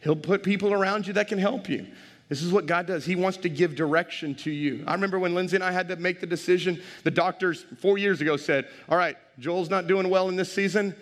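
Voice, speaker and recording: Energetic high-voiced male pastor preaching. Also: brisk, big-room sound. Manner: energetic, humorous, rising to shouts. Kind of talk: sermon. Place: large church.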